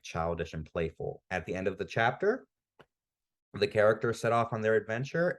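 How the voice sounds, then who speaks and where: A fairly low-pitched male voice, relaxed and conversational. He co-hosts a podcast and walks through a story's events with eager, filler-heavy chatter. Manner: enthusiastic, frequent "like" fillers. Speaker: podcast co-host. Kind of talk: casual recap and review.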